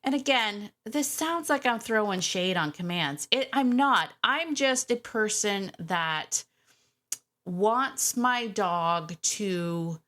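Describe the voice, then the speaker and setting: A woman's voice: mid-range voice, slow. Chatty woman hosting a dog podcast. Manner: chatty and animated, laughs often. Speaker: podcast host and dog trainer. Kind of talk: casual podcast chat.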